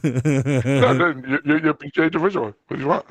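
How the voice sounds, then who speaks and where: A man co-hosting a casual podcast, cutting in with quick joking remarks. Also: a little high, dry recording. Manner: quick interjecting banter. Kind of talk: casual live podcast chat.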